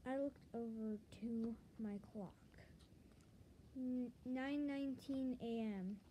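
Woman reading out her own story, slow and kinda high, earnest. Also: warm tone, slight background noise, low-quality recording.

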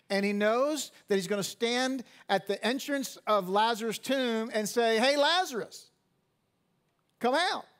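This high-voiced man in his fifties is a pastor delivering a sermon during a live church service in the sanctuary. His delivery swings between quiet passages and loud, forceful climaxes, with repeated words as he starts over.

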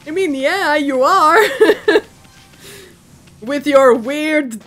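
A woman with a high voice chats her way through a game stream at an unhurried pace, giggling and playfully teasing her viewers. Soft game music plays faintly behind her. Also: animated. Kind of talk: casual live-stream chat.

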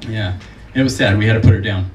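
A man's voice: quick pace, very noisy. Forties male comic, dry self-mocking stand-up delivery, heard from far off in a roomy club. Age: 40s. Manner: self-deprecating, deadpan delivery with high put-on voices for quoted people. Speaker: stand-up comedian. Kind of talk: stand-up comedy set. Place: comedy club stage with live audience. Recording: roomy, distant mic, crowd audible.

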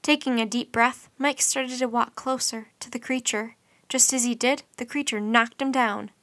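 Bright, lively woman reading a storybook. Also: fairly high pitch, normal speed, dry recording. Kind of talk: children's storybook read-aloud.

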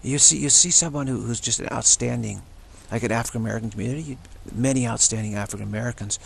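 A man's voice: medium pitch, fast talker, vocal fry, slight background noise. A man talking in an unscripted, rambling monologue, often restarting and repeating words. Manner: acts out short quoted voices of others. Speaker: spiritual channel host.

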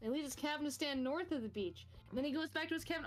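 A woman co-streaming a farming game, chatting quickly and cooing at cute moments. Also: high-pitched, faint music behind. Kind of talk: casual gaming chat.

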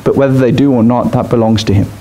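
A man's voice: medium pitch, steady tone, fast talker, dark tone, a little hiss or hum. A man preaching a sermon in a church, speaking directly and emphatically to his congregation. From Australia. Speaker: pastor.

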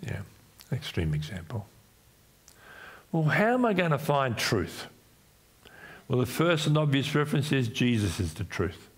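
An Australian pastor preaches unhurriedly in church, his breathy voice making big pitch swings and pausing often. He acts out the voices in stories he retells.

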